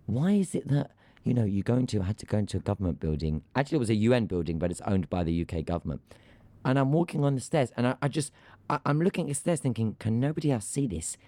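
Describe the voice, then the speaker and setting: A man co-hosting an aviation news podcast, talking in a casual, animated, ranting way. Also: mid-range voice, quick pace, no echo. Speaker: podcast co-host.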